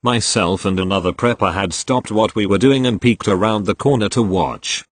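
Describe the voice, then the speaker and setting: Low-voiced man reading stories aloud. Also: normal speed, dry recording. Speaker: narrator reading Reddit posts.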